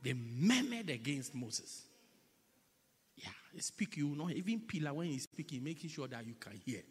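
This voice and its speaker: Dramatic preacher man, booming to whispering. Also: sing-song, normal speed. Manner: repeats and drags out words for effect. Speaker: pastor. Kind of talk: sermon. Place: church. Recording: echoey church hall.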